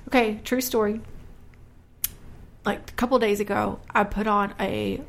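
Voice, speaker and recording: A woman in her thirties co-hosting a casual chat podcast, telling a story with lively acted-out moments. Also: unhurried, creaky. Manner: animated storyteller, jumps high when acting out scenes. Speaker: podcast co-host.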